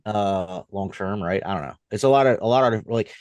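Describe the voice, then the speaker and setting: A man co-hosting a podcast in casual chat, rambling and halting as he makes a point. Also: lowish voice, a little mellow, dry recording. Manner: rambling, halting, lots of fillers and restarts. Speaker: podcast co-host.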